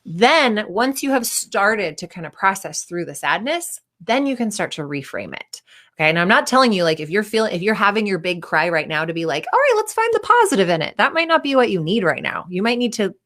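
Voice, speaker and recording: A woman's voice: mid-range voice, lively intonation, fairly quick, fairly bright tone. A woman in her thirties, a performance coach, giving a candid, casual talk and acting out the voices of people she quotes.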